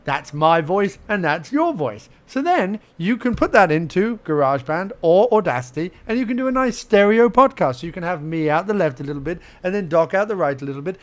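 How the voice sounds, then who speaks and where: A fairly high-pitched young man talks through a casual software tutorial. He chats playfully, mutters to himself as he clicks around, and jumps to mock surprise at what he finds. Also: expressive, fairly quick, hardly any pauses. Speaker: podcast host giving a tutorial. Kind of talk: casual screen-recorded tutorial.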